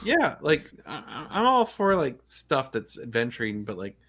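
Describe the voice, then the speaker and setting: A man's voice: medium pitch, sing-song, fairly quick, hardly any pauses, a bit bright. A man hosting a casual livestream chat, talking in a laid-back, rambling way and laughing often. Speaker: podcast host.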